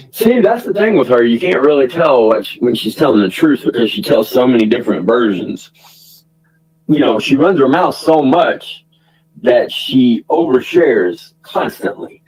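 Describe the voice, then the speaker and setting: A man's voice: medium pitch, darkish tone, a little hiss or hum, poor audio. A man ranting casually to his stream audience, rambling through restarts and profanity and laughing often. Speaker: livestream commentator.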